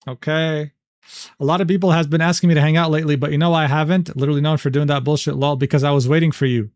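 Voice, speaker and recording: A man's voice: fairly high pitch, steady tone, quick pace, darkish tone, no echo, studio quality. A man streaming casually, reading messages and screenshots aloud with profane, exasperated, sarcastic asides. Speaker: streamer reading drama documents. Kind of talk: casual livestream commentary.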